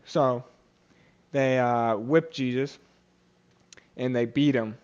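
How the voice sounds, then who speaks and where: A young man at a middle pitch retells scripture in a loose, casual way, stopping for fillers and restarting phrases. He speaks the characters' lines aloud as he goes. The recording sounds a little dull and lo-fi. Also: steady tone, slow, a little mellow, clear, resonant tone. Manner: casual, many fillers and restarts, acts out quotes. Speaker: podcast host. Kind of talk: casual Bible study retelling.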